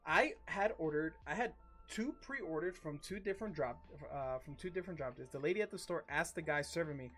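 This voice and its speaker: A man's voice: fairly high pitch, animated, a little fast, fairly bright tone, faint music behind. A man hosting a live card-break stream, chatting casually with slangy, profane banter.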